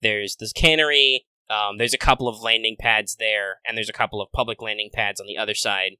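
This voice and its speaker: A man's voice: fairly low pitch, fairly even intonation, a little fast, pushed and bright, clear, resonant tone, dry recording, low-quality recording. A man narrating a tabletop game as game master, rambling with many fillers and restarts.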